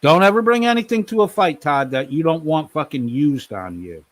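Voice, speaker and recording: A man's voice: on the high side, animated, moderate pace, no room sound. A man hosting a live stream, scolding someone in a heated, profane rant and repeating his name.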